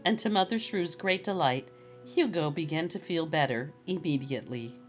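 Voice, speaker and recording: A woman gently narrating a children's storybook aloud. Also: deep voice, moderate pace. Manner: gentle and expressive. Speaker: storybook reader. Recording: dull lo-fi with faint music.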